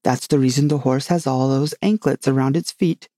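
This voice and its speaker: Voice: mid-range voice, fairly even intonation, moderate pace, dark tone, no echo, studio quality, close to an everyday voice. A storybook reader voicing a grave, muddled old knight who rambles proudly about his own inventions. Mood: earnest. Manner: grave, rambling, self-satisfied.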